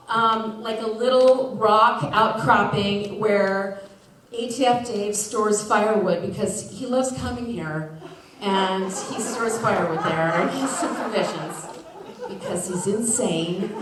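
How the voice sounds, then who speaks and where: A woman from Washington State telling a personal story live on a theater stage, chatty and full of "like" and restarts, laughing through her lines. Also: on the high side. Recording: echoey theater, voice from far off.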